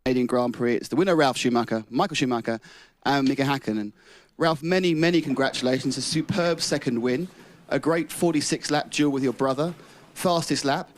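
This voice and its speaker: Man, podium interviewer, fast-talking, brisk jokey questions. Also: medium pitch. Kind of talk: post-race podium interview.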